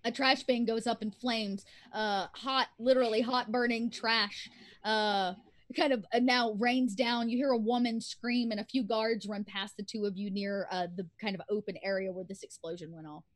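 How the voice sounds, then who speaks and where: Chatty woman game master, higher voice. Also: steady tone, moderate pace. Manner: chatty, filler-heavy narration. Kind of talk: narrating a tabletop game.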